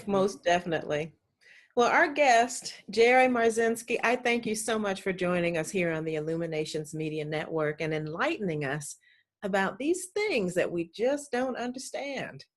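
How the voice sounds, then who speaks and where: A woman's voice: mid-range voice, animated, normal speed. A woman hosting an interview, giving short affirming responses and thanking her guest. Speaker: host.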